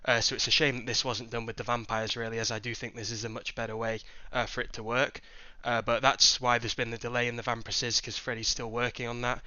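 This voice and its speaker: A man's voice: mid-range voice, little pitch movement, fast, sharp tone, dry recording, dull audio. A man giving a project update on a voice call, beginning nearly every phrase with "uh". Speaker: project team member.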